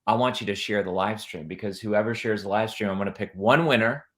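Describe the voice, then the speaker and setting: A man's voice: on the low side, fairly quick. A man hosting a live-streamed interview, upbeat and urging viewers to share and tag people. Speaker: host.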